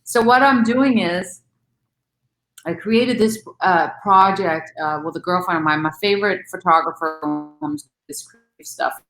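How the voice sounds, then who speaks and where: A woman talks casually as an interview guest, chatty and full of fillers and quick laughs. Her voice sits at an ordinary pitch. The room around her rings with echo. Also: fairly bright tone, soft background music. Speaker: guest actress and recording artist.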